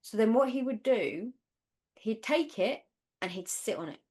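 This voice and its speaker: A woman's voice: on the high side, animated, measured pace, a little mellow. A woman co-hosting a podcast from the north of England, chatting casually and rambling with many fillers. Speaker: podcast co-host. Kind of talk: casual chat.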